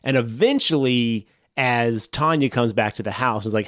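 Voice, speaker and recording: A man's voice: mid-range voice, normal speed, dry recording. Dry, close-miked man retelling a movie. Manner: animated retelling, swears, acts out characters' lines. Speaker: podcast co-host. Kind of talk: casual movie discussion.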